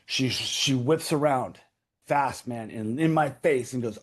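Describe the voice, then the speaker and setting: In a husky, mid-range voice and at a measured pace, a man in his thirties gives a raw account of his own story as an interview guest. He swears and repeats key phrases for emphasis throughout.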